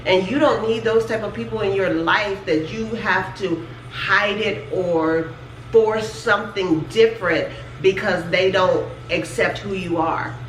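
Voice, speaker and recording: A woman's voice: medium pitch, measured pace. A middle-aged woman from Louisiana, a guest on her daughter's channel, talking in a blunt, outspoken, salty way. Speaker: interview guest, host's mother. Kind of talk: casual chat. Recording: roomy, distant mic, faint noise.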